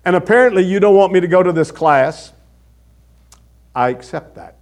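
A male pastor, older, preaching a conversational sermon and telling a personal story with lively, animated delivery. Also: moderate pace. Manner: animated, conversational storytelling with a wide swing of pitch.

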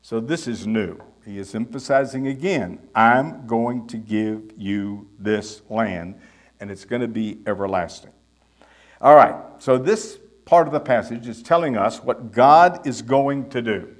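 A man preaching an expository Bible sermon, reading verses aloud with rising emphasis and pausing on fillers between phrases. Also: mid-range voice, expressive. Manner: emphatic, reads scripture aloud with rising force. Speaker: Bible teacher.

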